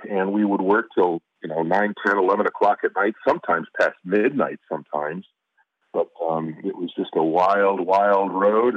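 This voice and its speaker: A middle-aged man from Chicago, an actor guest telling stories in a relaxed, casual interview, often restarting his sentences. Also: fairly low pitch, dry recording. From Chicago, USA. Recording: dry, phone-like line.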